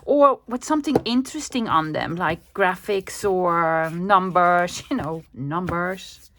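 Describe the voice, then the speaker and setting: A low-ish, slow female voice with a bit of brightness comes through over a little hiss or hum. It belongs to a Dutch-accented crafting channel host from the Netherlands, chatty in a casual craft-along and talking to herself while working.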